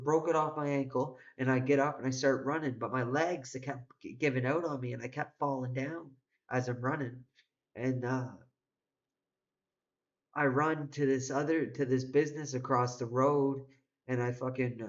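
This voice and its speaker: A man's voice: medium pitch, highs cut off. A man telling a personal story in a rambling, profane way, full of restarts and swearing. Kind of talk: casual spoken storytelling.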